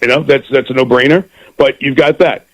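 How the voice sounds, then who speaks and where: The audio is poor, but you can hear a middle-aged football broadcaster chatting as a radio interview guest. Brisk and mid-range in voice, he's lively and has a habit of repeating words when starting a thought.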